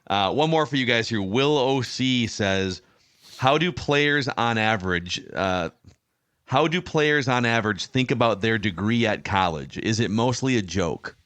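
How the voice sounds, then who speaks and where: A man of middle pitch hosts the chat and reads listener questions at a slow, even pace, with wry remarks in between. The mic is close and dry. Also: dry recording. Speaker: podcast host reading listener questions. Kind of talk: casual chat.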